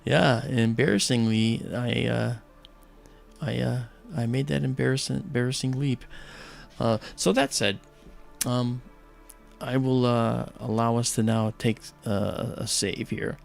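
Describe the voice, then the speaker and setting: A man's voice: medium pitch, steady tone, a little slow, vocal fry, faint music behind. A man hosting a livestream, telling a story in a chatty, enthusiastic way with many fillers. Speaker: livestream host. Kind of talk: casual storytelling.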